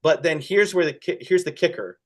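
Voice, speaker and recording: A man speaking as a pastor in a conversational church discussion, earnest and halting, often restarting, with feeling rising in his voice. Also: a little high, lively intonation.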